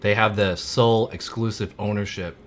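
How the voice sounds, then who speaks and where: A man's voice: lowish voice, fairly even intonation, normal speed, slight background noise. A man live-streaming and chatting casually with viewers, rambling with many "like" fillers.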